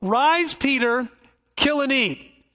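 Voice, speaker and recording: A man's voice: very high-pitched, lively intonation, slow pace, pushed and bright, full character voice. A man voicing God, giving a raised, emphatic command from heaven in a sermon retelling.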